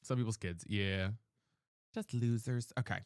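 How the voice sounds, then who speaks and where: A man's voice: lowish voice, steady tone, unhurried, clear, resonant tone, dry recording, studio quality. A man streaming a video game live, chatting casually and sassily while reading out his chat. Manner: sassy, chatty, reads chat aloud.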